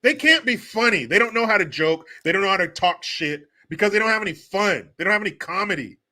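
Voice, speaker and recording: A man's voice: high voice, expressive, quick pace, pushed and bright. A man hosting a comedic political commentary show, talking in a crude, sarcastic way and laughing often. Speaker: host.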